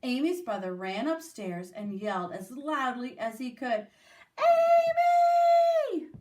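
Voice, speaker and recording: A woman's voice: fairly high pitch, lively intonation, moderate pace, a little hiss or hum. A woman teacher reading a picture book aloud to young children, with small voices for the characters. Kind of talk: storybook read-aloud for children.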